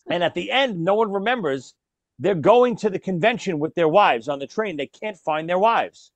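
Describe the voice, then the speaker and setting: A man's voice: high-pitched, moderate pace, no room sound. A man hosting a casual chat, telling stories with laughter and acting out the lines he quotes. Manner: animated storyteller, laughs, acts out quoted lines. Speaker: podcast host.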